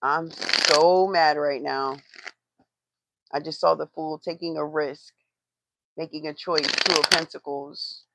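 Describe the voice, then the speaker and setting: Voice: mid-range voice, steady tone, slow pace, vocal fry, long pauses, very noisy. A tarot reader doing a live reading, blunt and profane, who swears for emphasis and talks straight to the chat.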